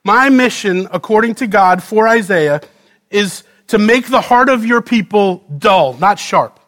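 A man preaching a sermon as a pastor, voicing scripture dramatically, moving from loud pleading questions to quiet low readings. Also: expressive, measured pace.

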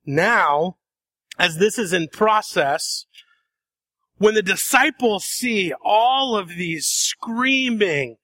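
A man preaching a sermon, dramatic, acting out voices and shifting between soft and loud passages. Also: sits high, animated, drawn-out words, dry recording. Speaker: pastor.

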